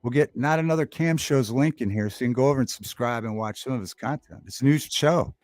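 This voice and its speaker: A man hosting a relaxed livestream talk show, chatting loosely with viewers and repeating his favorite movie lines with relish. His voice sits at an ordinary middle pitch. It is recorded dry and close to the mic, with faint music playing behind him. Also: quick pace, no echo. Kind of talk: casual chat, reading live chat aloud.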